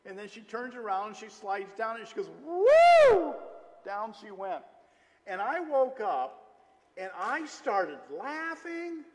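High-voiced male preacher in a reverberant hall. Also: measured pace, background noise. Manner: storytelling, animated, with frequent "uh" fillers. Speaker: pastor. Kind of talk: sermon.

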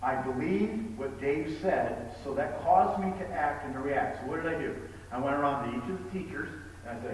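A man preaching a sermon, telling stories with animated emphasis and reading scripture aloud. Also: fairly high pitch, normal speed, slight background noise. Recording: echoey hall, distant mic with faint ambience.

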